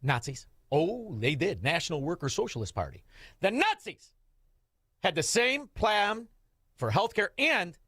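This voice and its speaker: A man hosting a political talk radio show, combative and mocking, with sudden shouted insults. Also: a little high, dry recording, clean studio sound.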